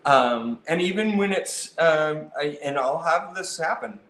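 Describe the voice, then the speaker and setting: Man, energetic instructor, acts out customer calls, slightly high voice, echoey room. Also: measured pace. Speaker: piano technician instructor. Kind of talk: instructional talk.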